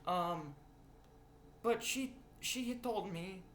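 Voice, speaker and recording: A man's voice: high voice, slow, fairly bright tone, echoey room, slight background noise. A young man vlogging a confessional rant, rambling, swearing and emotional. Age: young adult.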